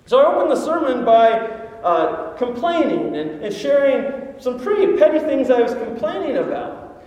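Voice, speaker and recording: A man's voice: very high-pitched, sing-song, moderate pace, darkish tone. A man preaching a sermon as pastor, telling a story and asking rhetorical questions. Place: large echoing church hall. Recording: echoey hall reverb.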